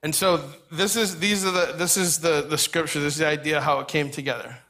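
Bright-voiced man preaching casually. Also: on the high side, steady tone, fairly quick. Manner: conversational, folksy preaching with asides. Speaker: pastor. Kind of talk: sermon.

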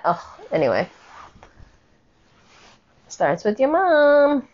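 A woman's voice: medium pitch, moderate pace, darkish tone, dull audio. A woman giving a casual commentary rant, blunt, sarcastic and full of swearing.

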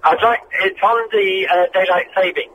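Give me a male caller on a car phone, a little high, muffled sound, patiently explaining. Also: steady tone, a little hiss or hum. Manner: unhurried, explanatory storyteller. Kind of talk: phone-in call. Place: car on a motorway. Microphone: telephone.

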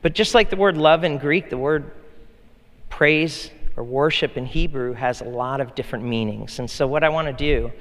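A man's voice: medium pitch, normal speed, fairly bright tone. A male pastor preaching a sermon in a conversational, playful way, often repeating words for emphasis. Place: large church hall. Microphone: handheld mic. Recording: long hall reverb.

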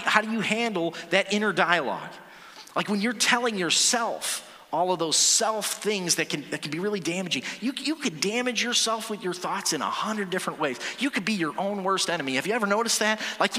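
A man's voice: high-pitched, pushed and bright. A male pastor in his forties preaching a sermon in a conversational way, often repeating and restarting words and asking the audience questions. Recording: long hall reverb.

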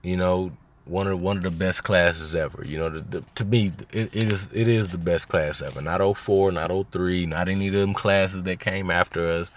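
Man, podcast host, slightly low voice, casual slangy storytelling, rambling, gets heated. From Arkansas, USA. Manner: slangy, rambling, grows heated and loud when riled.

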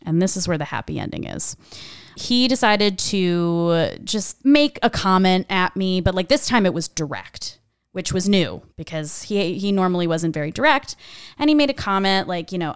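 Chatty young woman, smooth voice. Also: fairly low pitch, moderate pace, no echo, clean studio sound. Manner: animated, chatty, swears freely, says "like" often. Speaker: storyteller. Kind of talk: casual personal storytelling.

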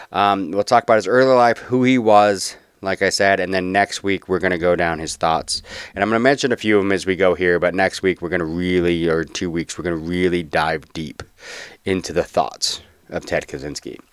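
Low-voiced chatty man. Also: steady tone, moderate pace, smooth, no echo, studio quality. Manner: loose and chatty, with many ums and restarts. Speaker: podcast host. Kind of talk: casual podcast narration.

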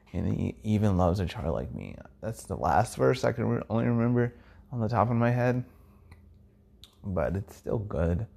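Hosting his personal podcast, this man rambles through casual, excited reflections that tend to trail away, sometimes lowering to a near-whisper. He speaks on the low side, with a darkish tone and vocal fry.

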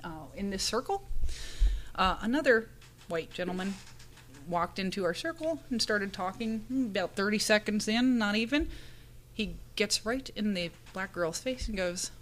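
A woman on a casual panel chat, telling stories with animated delivery, acting out what people said and laughing often. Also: mid-range voice, normal speed, slight background noise. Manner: animated storyteller, acts out quoted lines, laughs often. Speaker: podcast panelist and conference speaker.

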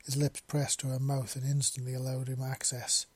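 A man's voice: mid-range voice, completely flat delivery, moderate pace, slightly rough. A man reading a romance story aloud, with small slips and restarts. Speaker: narrator. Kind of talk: amateur fiction reading.

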